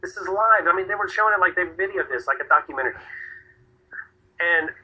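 Brief: man, radio host, bright husky voice, rambling and quick to laugh, radio sound. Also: sits high, dull audio. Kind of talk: casual talk radio chat.

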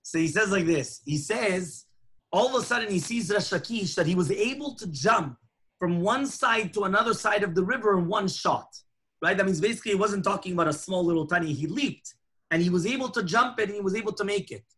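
Animated, husky-voiced rabbi teaching. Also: male voice, sits high, a little fast. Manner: animated storytelling, acting out dialogue. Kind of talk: lunchtime Torah class.

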